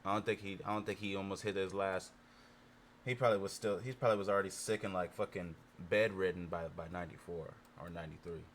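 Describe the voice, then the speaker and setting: A man's voice: low-pitched, fairly even intonation, fast talker, a little hiss or hum. A man chatting casually, rambling and swearing as he works things out aloud. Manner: rambling, profane, thinks aloud. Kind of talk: casual chat.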